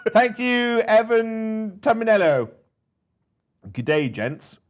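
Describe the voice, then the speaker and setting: A man's voice: high-pitched, sing-song, slow pace, a little hiss or hum. A man from England co-hosting a casual livestream, reading super chats aloud in a jokey, playful way. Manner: jokey, playful, tries silly accents.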